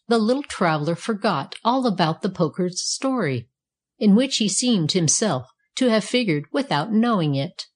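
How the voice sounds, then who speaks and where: A woman narrating a children's storybook aloud at a steady, even pace. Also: mid-range voice. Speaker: audiobook narrator. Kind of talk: storybook reading.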